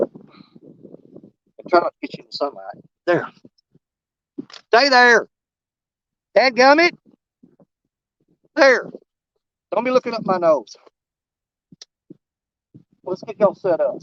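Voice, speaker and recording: A high-voiced man with a drawl talks to his viewers from a muddy river bank, excitable and quick to get emotional. The sound is dull and muffled, recorded dry outdoors on a covered camera mic. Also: no room sound. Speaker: fishing vlogger. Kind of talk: casual outdoor vlog. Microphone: camera mic muffled against the wind.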